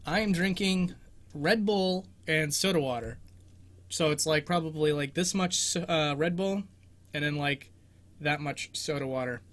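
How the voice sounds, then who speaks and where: Bright, chatty young man hosting live. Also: a little high, a little slow. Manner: rambling, self-deprecating, laughs often. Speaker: host of a game exploration show. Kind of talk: casual livestream Q&A commentary. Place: bedroom.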